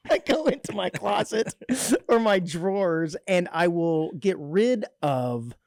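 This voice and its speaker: A man co-hosting a community radio show, chatting casually with wry, teasing banter and a dry, deadpan streak. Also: high voice, slow, no echo. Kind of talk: casual chat. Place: radio studio. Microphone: studio microphone.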